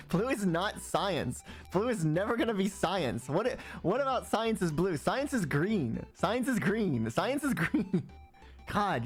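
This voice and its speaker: A man chatting casually on a livestream, playful and talkative, greeting viewers and humming between repeated words. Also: fairly high pitch.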